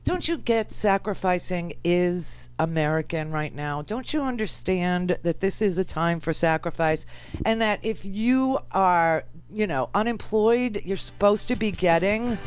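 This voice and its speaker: Woman, talk radio host, from New York, sarcastic, rambling, mid-pitched, faint music bed. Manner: animated, sarcastic, rambling asides. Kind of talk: political talk radio commentary.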